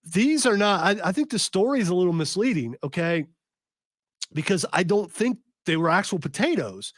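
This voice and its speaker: A man hosting a live talk radio show, reading news out loud and joking, stumbling over long names. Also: high voice, very animated, normal speed, no echo, clean studio sound. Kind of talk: casual live radio chat.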